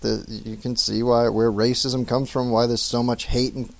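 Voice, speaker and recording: A man with a Down East Maine accent, relaxed and chuckling as he tells stories in casual talk. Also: mid-range voice, normal speed, vocal fry. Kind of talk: casual profane banter.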